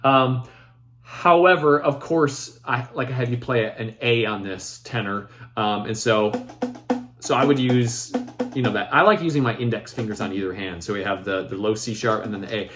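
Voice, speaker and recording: A man's voice: medium pitch, normal speed, faint music behind. A man with an ordinary mid-range voice talks players through his piece in a loose, easygoing teaching manner. He thinks aloud, with plenty of ums and restarts. Faint saxophone playing sounds in the background. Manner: relaxed, filler-heavy, thinks aloud. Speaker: composer demonstrating his piece. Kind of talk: casual instructional walkthrough. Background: saxophone demonstrations.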